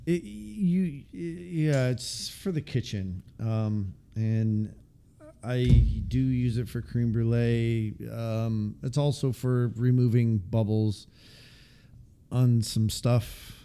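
A male podcast co-host who speaks slowly and unhurriedly in a casual chat. He hesitates often, filling pauses with ums and starting sentences over. His voice sits at an ordinary middle pitch. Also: creaky, mellow, clear, resonant tone. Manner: hesitant, many ums and restarts.

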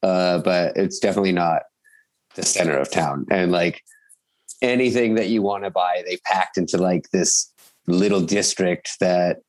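A man's voice: low-pitched, normal speed. A man in his thirties, a musician, chatting casually and rambling with lots of fillers and restarts. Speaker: guest musician. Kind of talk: casual chat. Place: home in Bavaria.

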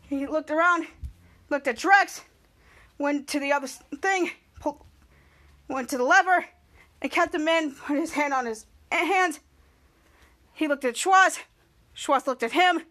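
A woman's voice: high-pitched, measured pace, long pauses, a bit bright. A woman podcast host narrating a TV episode recap in breathless play-by-play, quoting characters' lines.

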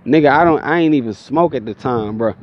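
A tired young man telling a profane, animated story in casual talk, inside a vehicle. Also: medium pitch, fairly quick, lo-fi sound. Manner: profane, animated, mimics people in his stories.

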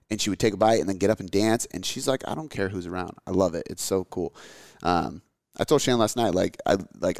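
A man's voice: deep voice, dry recording, studio quality. A man in his thirties chatting casually as a podcast host, rambling and candid, swearing often with lots of fillers. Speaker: podcast host answering listener questions. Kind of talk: casual chat.

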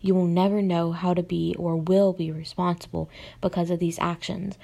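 A woman's voice: fairly low pitch, flat delivery, moderate pace, vocal fry. A young woman reading a raging cruel father. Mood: angry. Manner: shouting, harsh, menacing. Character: angry abusive father shouting at daughter.

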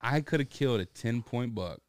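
A man in his 30s tells a hunting story during a casual chat, speaking at normal speed with a raised voice. He's an animated storyteller who acts out the people he quotes with big jumps in pitch, and he laughs often.

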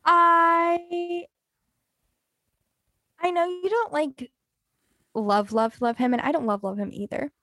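A woman's voice: extremely high pitch, steady tone, sharp tone, no echo, studio quality. A woman co-hosting a podcast, chatting casually about a TV show and laughing often. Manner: slow, drawn-out, giggly talk. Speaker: podcast co-host.

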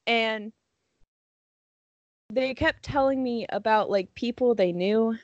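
Blunt young woman, slightly high voice. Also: takes it slowly, darkish tone, dry recording, muffled recording. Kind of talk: casual chat.

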